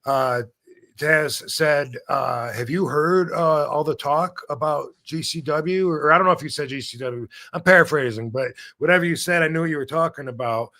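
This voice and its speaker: Man, fifties, podcast host, blunt, rambling, animated storytelling, higher-pitched voice, video call. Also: normal speed. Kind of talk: casual chat.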